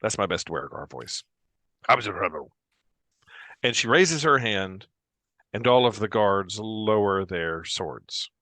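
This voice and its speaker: A man narrating as game master of a fantasy tabletop game, in a relaxed, halting way with fillers. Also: on the low side, no room sound.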